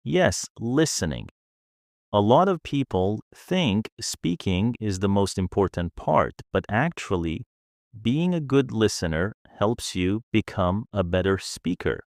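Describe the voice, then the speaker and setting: A man teaches spoken English in a calm, explanatory way, walking through practical tips. His voice sits fairly low and he speaks slowly. The recording is dry and close, with no room sound. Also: dry recording. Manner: calm, explanatory, advice-giving. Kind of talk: scripted English lesson.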